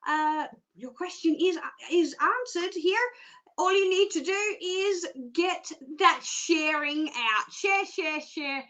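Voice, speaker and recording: Australian woman psychic host, bubbly live-stream chat, high bright voice, jokey patter. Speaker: psychic presenter.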